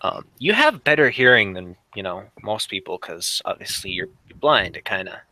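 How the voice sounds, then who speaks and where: A man's voice: lowish voice, very animated, normal speed, sharp tone, a little hiss or hum, poor audio. A man narrating as game master of a tabletop role-playing game, rambling with frequent fillers.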